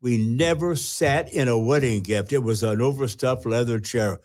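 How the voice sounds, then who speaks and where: An older man, a retired pastor, earnestly telling his personal testimony with halting restarts. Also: mid-range voice, a little mellow.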